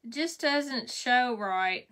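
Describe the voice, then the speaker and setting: A high, bright-voiced woman with a drawl chats at an unhurried pace while painting on a live stream. She greets and thanks her viewers by name and laughs easily between remarks. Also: lively intonation. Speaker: craft livestream host.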